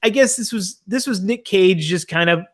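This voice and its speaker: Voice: mid-range voice, normal speed. A podcast co-host chatting casually in a movie review, rambling with many restarts.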